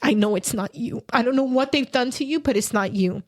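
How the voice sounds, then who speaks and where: A woman's voice: fairly high pitch, fairly quick, darkish tone, dry recording, studio quality, lightly acted. A woman voicing her frightened, forgiving mother in a pleading tone. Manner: pleading, tearful tone.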